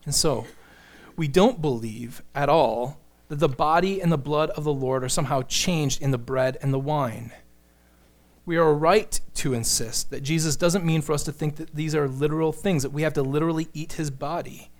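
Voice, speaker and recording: A man's voice: on the high side, moderate pace. A man preaching a sermon, explaining scripture in an earnest teaching manner and acting out quoted lines. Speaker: pastor.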